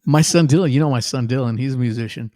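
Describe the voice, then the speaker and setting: A man's voice: medium pitch, fast talker, no room sound, clean studio sound. A middle-aged man, a guest musician, telling stories in casual chat and acting out other people's lines in a raised voice. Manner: animated, acts out quotes in a raised voice.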